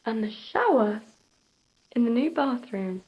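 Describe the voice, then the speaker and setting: A young woman chatting casually in a vlog, soft, giggly and confiding. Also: fairly high pitch, lively intonation, measured pace, slightly rough, muffled recording. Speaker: vlogger.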